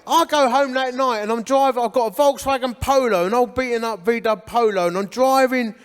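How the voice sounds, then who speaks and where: A man's voice: extremely high pitch, fairly quick, clean tone, soft background music. A man in his fifties from England, telling his life story at a church, acting out the voices of people he met. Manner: animated storyteller who acts out what people said. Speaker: guest speaker giving his life story. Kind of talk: church testimony talk. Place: church hall with an audience. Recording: reverberant church hall.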